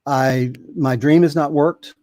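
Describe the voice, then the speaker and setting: Older man telling a halting story. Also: fairly high pitch, fairly even intonation, darkish tone, no room sound. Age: 70s. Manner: rambling, halting storyteller with many fillers. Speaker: guest. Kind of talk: casual storytelling.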